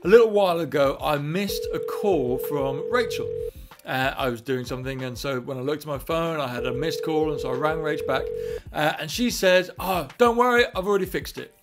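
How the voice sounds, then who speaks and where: Brief: man storyteller, slightly high voice, animated, dynamic delivery. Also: moderate pace, loud music behind the voice. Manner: animated, swings between quiet and loud. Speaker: church leader. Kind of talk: retelling a Bible story.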